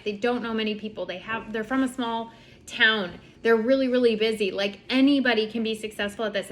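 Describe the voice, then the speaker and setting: A young adult woman giving casual coaching tips to her sales team, chatty and quick, acting out the messages she sends. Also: fairly high pitch, fairly bright tone, slight background noise. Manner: chatty, fast-talking, lots of "like" and acted-out quotes. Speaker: network marketing team leader.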